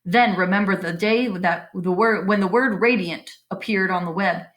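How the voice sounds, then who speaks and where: A woman voicing a pompous male fair announcer who speaks over a loudspeaker in a booming, formal voice. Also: moderate pace, natural voice. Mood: grand.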